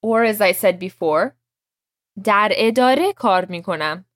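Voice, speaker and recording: Lady teacher walking a student thru vocab, patient and clear, says each word for him to repeat, mid pitch. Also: animated, quick pace, dry recording, studio quality. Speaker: language teacher. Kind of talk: language lesson.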